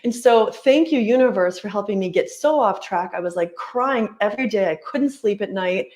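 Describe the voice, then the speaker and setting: A woman's voice: medium pitch, expressive, normal speed, a little mellow. Chatty woman life coach, earnest. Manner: earnest, chatty, peppers speech with "like" and "right?". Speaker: life coach and yoga teacher. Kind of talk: casual interview storytelling.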